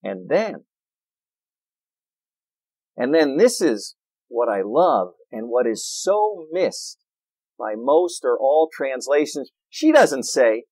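A man preaching a sermon in a church, animated and playful, with jokes and asides. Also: mid-range voice, takes it slowly, pauses often, breathy edge, no room sound, low-quality recording. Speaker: pastor.

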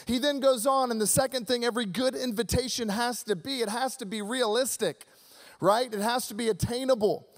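A male pastor preaching a Christmas sermon in an energetic, conversational way, calling out to his audience. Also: extremely high pitch, brisk.

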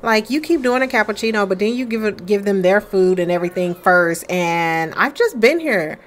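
A woman's voice: medium pitch, expressive, moderate pace, natural voice. A woman voicing an impatient young mother character in a life-sim game, sassy and exasperated. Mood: peeved. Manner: sassy, exasperated, then overly polite.

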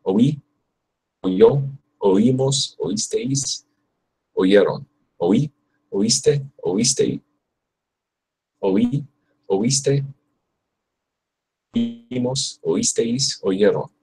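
A man's voice: medium pitch, very slow, long pauses, mellow, breathy edge, poor audio. A young man on a livestream, practicing Spanish verb forms aloud and chatting casually with viewers in between. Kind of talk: casual livestream study session.

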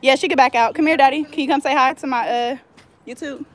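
A woman's voice: sits high, quick pace. Chatty teasing woman vlogger. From California Bay Area. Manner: chatty, teasing slang, laughs often. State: out of breath. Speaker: hair braider and vlogger. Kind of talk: casual chat to camera.

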